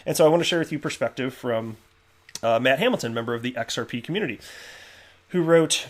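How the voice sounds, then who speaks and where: A man hosting a casual commentary video, chatty and animated with lots of fillers and restarts. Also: fairly high pitch, quick pace. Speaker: crypto video host. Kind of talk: casual commentary reading tweets.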